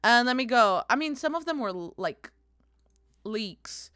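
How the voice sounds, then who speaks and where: Woman streamer, high voice, crisp and smooth, bubbly casual chat. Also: lively intonation, a little slow, no room sound, clean studio sound. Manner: bubbly, bursts into loud panicked squeals and laughter; calls viewers darling. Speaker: game streamer.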